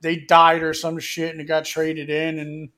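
A man with a high voice hosts a radio talk show and spins a long, swear-filled story. He acts out each person's lines as he tells it. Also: a little slow. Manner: animated, acts out other people's lines. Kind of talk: profane storytelling chat.

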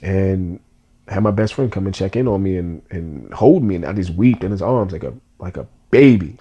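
A man's voice: low-pitched, lively intonation, normal speed, dark tone, husky, highs cut off. A man co-hosting a podcast, telling a personal story in an earnest, emotional way with casual slang.

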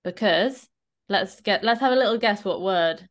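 A woman fitness coach co-hosting a podcast, chatting casually and often checking in with a quick "right?". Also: mid-range voice. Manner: chatty, animated, often tags a questioning "right?".

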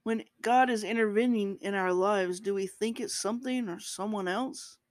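A woman preacher delivers a relaxed, conversational sermon at a middling pitch, rising in emphasis at key points. The recording is close and dry, with no room sound. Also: moderate pace, dry recording. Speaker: preacher, podcast host.

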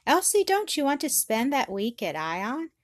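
A woman reading aloud voices a lively girl who speaks eagerly and at times half indignantly. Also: sits high, normal speed, dry recording, clean studio sound, voice pushed up. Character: eager, lively girl, quick to take offense.

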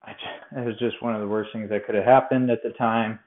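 A man's voice: fairly low pitch, level tone, fairly quick. A young man from Colorado, hosting a podcast and telling a personal faith story in a chatty, rambling way that pokes fun at himself and often restarts sentences. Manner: chatty, rambling, self-deprecating with frequent restarts. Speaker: podcast host. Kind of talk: casual faith testimony storytelling. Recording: tinny phone-like sound in an echoey room.

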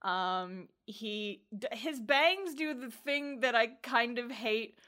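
A woman talking on a podcast with a loose, rambling flow, full of "um"s, "like"s and casual swearing. Her voice is bright and sharp and sits somewhat high. She laughs often between thoughts. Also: takes it slowly. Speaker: podcast co-host. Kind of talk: casual chat.

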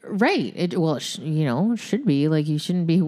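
A woman's voice: low-pitched, animated, a little slow, dark tone. A woman guest chatting casually about her fitness habits, laughing often and trailing off with filler words. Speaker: guest, CrossFit member. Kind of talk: casual chat.

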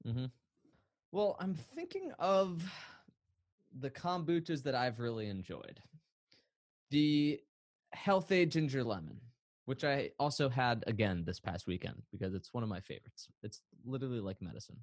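A man's voice: mid-range voice, very animated, moderate pace, no room sound. Playful, laughing podcast co-host man. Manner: playful, laughs often, rambling asides. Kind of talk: casual chat.

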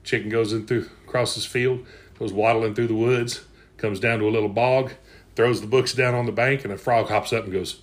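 A man's voice: mid-range voice, steady tone, moderate pace. A man telling old jokes in casual chat, folksy and chuckling as he goes.

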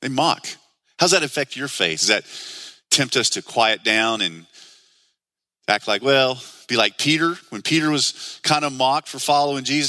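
A man's voice: mid-range voice, lively intonation, moderate pace, bright, forceful tone, dry recording. A man preaching a sermon in an earnest, conversational way, asking the listeners many questions. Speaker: pastor.

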